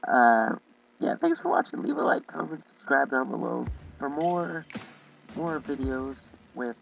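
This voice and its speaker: A man telling a childhood story in a casual vlog, rambling, halting and often breaking into laughter. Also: mid-range voice, very animated, gravelly, a bit bright, distant mic, highs cut off, faint music behind. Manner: rambling, giggly, halting with many restarts. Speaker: YouTube storyteller.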